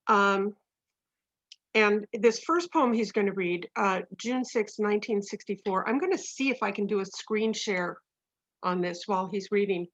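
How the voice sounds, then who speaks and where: A woman's voice: medium pitch, moderate pace, no room sound. Chatty woman in her sixties on a call. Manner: warm, gushing, laughs often. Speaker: co-host, poet's wife. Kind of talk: casual introductions on a video call. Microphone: computer mic on video call. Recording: dull lo-fi video call audio.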